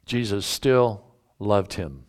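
Slow, emphatic male preacher. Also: fairly low pitch, animated. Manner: slow, emphatic Bible teaching with folksy asides and stretched key words. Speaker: pastor. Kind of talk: sermon.

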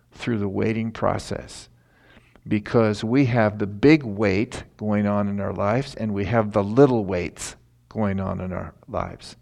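A man's voice: lowish voice, creaky, darkish tone. A man preaching a sermon in a conversational, folksy way that rises into emphatic passages.

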